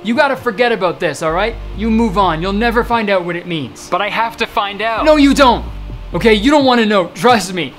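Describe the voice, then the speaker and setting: Brief: a man voicing a frantic future self, raised pitch, urgent and pushy. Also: brisk, a bit bright, soft background music.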